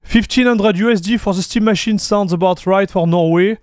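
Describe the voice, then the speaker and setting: A laid-back Frenchman with a French accent, talking to his stream chat in a high, light voice. He is relaxed and easygoing, calls everyone "dude" and reads messages aloud. The sound is dry and close, with no room echo. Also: a little fast, clean tone. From France. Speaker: tech streamer. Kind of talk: casual live-stream chat.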